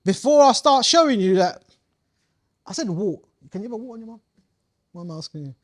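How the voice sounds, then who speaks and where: A man's voice: high voice, sing-song, fairly quick. A man leading a live coaching workshop, playful and slangy, quizzing his audience as he goes. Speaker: community coaching trainer.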